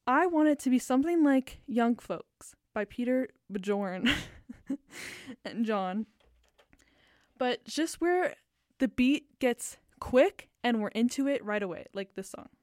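A woman's voice: a little high, animated, slow, a little mellow, no room sound. A woman hosting a fill-in radio show, chatting casually in a giggly, rambling, self-conscious way into a fixed studio mic. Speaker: radio host.

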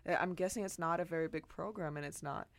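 A woman's voice: fairly low pitch, fast, vocal fry, no echo. A woman hosting a casual radio interview, giggly and saying "like" a lot. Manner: casual, giggly, says "like" often. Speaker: radio show host.

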